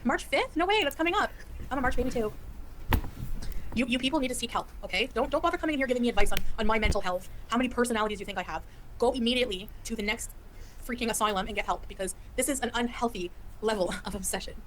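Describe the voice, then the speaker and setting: A woman's voice: fairly high pitch, fairly bright tone, slight background noise. A woman in her forties, from Canada, talking casually on a livestream, reading out chat comments and ranting about her critics. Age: 40s. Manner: rapid, chatty, laughing, exasperated rants.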